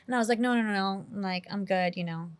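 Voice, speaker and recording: A woman's voice: mid-range voice, fast, smooth, dry recording. A middle-aged woman from New York City, a guest in an interview, telling a personal story in a candid, casual way full of "like" and "you know".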